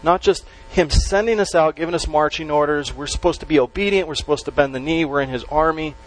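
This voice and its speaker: A man preaching a sermon to a congregation, stressing key words slowly and letting his voice drop at the ends of phrases. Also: on the high side, rough recording. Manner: emphatic, with slow stressed words and dropped endings. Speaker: pastor.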